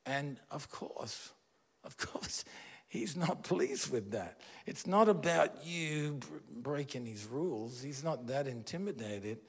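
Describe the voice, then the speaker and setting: A man's voice: mid-range voice, animated, slow pace, husky. A man preaching a sermon as pastor, earnest and conversational, asking his listeners questions.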